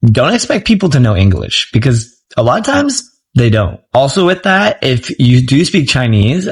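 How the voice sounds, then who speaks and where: A man's voice: mid-range voice, sing-song, normal speed, breathy edge. A man from the United States giving numbered travel tips in a casual vlog style, with frequent filler words. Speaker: travel vlogger.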